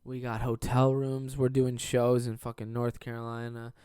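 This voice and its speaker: A man's voice: mid-range voice, monotone, normal speed, warm tone, clean tone, dry recording. Young male comic hosting solo podcast; rambling, swears constantly, self-deprecating; dry close sound. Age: 20s. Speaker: podcast host and stand-up comedian. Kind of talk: casual solo podcast monologue.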